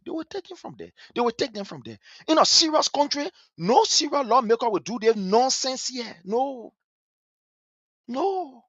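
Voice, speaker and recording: Fiery Liberian man, lively scornful commentary. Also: very high voice, moderate pace, dry recording, lo-fi sound. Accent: Liberian English. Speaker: political commentator. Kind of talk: impassioned political commentary.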